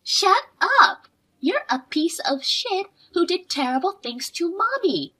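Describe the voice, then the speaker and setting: A woman voicing a fierce, angry seven-year-old girl who shouts shrilly. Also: high voice, sing-song, slow pace, heavily acted. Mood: furious.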